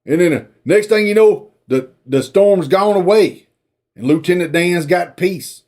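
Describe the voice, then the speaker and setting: High, lively storyteller man. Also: moderate pace. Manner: rambling, folksy, drawling asides. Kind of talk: comic rambling movie retelling.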